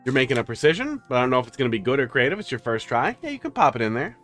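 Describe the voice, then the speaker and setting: A man's voice: mid-range voice, very animated, rapid-fire, a bit bright, soft background music. A man streaming live, chatting casually with his viewers and cooing to his pets.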